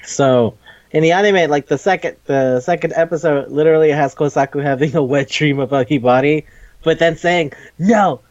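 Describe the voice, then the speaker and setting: A man's voice: on the high side, normal speed, dry recording. A man hosting a casual manga review, rambling with frequent laughs and casual swearing. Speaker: podcast host. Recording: dull lo-fi dry recording.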